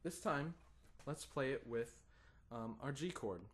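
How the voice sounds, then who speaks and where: A man's voice: mid-range voice, measured pace. A man gives a guitar lesson in a patient, encouraging way. He counts in the student and sings strum rhythms as plain syllables, stressing some beats. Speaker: guitar teacher.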